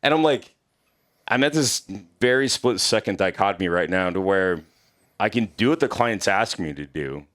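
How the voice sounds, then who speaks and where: A man's voice: fairly low pitch, expressive, normal speed, fairly bright tone. A man telling a story as a podcast guest, rambling and full of swearing. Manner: profane, rambling, heavy on filler like. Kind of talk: casual storytelling.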